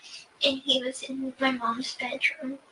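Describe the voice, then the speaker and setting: A young woman answering an investigator's questions in a recorded interview, soft and hesitant with many pauses. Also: high-pitched, little pitch movement. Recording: distant mic with faint hiss.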